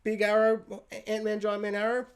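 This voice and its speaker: A man alone in his room, giving an excited spoiler review rant to his camera. He talks emphatically and swings from loud outbursts to low mutters. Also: normal speed, clean tone. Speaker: pop culture reviewer and podcast host. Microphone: camera mic.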